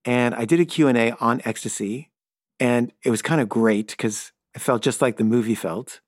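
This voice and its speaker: A man's voice: medium pitch, moderate pace, no echo, clean studio sound. Rambling middle-aged man telling a story. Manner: loose and rambling, full of "like" and "kinda"; stammers and repeats himself when flustered. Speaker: filmmaker. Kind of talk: casual spoken anecdote.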